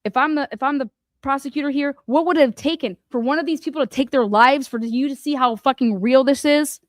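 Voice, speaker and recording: A high-voiced woman delivers a heated commentary rant. She swears freely and hammers the people she means with rhetorical questions. Her voice sounds dry and close, with little room sound. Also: a little fast, no room sound. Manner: angry, profane, confrontational. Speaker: commentary host. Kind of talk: ranting commentary on a court case.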